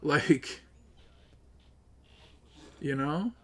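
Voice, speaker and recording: A man streaming live, ranting with lots of swearing, upset and close to tears, swinging between loud outbursts and low mutters. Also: extremely slow. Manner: profane, agitated, swings between yelling and muttering. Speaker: livestreamer.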